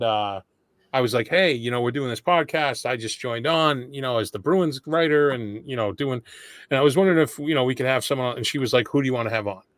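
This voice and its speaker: Chatty podcast host, dry sound. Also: male voice, mid-range voice, a bit bright, no echo. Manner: chatty, self-deprecating storyteller. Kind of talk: casual interview chat.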